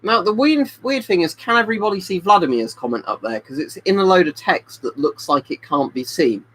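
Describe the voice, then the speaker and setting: A man's voice: high voice, lively intonation, a little fast, a bit bright, husky, rough recording. A man chatting on a live webcam stream, tipsy from drinking, rambling and reading out viewer comments. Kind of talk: casual live-stream chat. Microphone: webcam mic.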